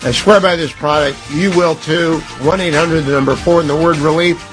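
A man's voice: fairly high pitch, steady tone, normal speed, music in the background, poor audio. A middle-aged man hosting a radio talk show and reading live ads in a studio, emphatic and repeating phone numbers.

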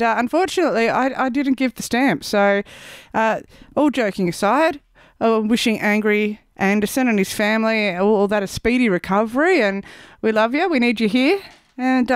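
Chatty radio presenter, crisp and dry. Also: mid-range voice, no room sound. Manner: chatty, rambling and jokey, with restarts and playful put-on asides. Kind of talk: casual on-air chat between songs. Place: radio studio.

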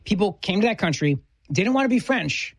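A woman's voice: mid-range voice, very animated, fairly quick, breathy edge, no room sound. A woman hosting a political talk radio show, enthusiastic and emphatic, talking with a guest in a studio.

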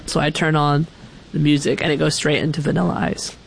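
A woman's voice: low-pitched, flat delivery, fairly quick, creaky, noisy background. A woman doing stand-up, telling a story animatedly, laughing mid-sentence and acting out songs. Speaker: stand-up comedian.

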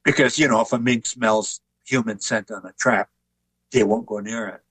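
Older man with a husky voice. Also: on the low side, moderate pace, rough recording. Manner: relaxed anecdotal telling, chuckles at his own jokes. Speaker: author and artist, guest. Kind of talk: conversational interview storytelling.

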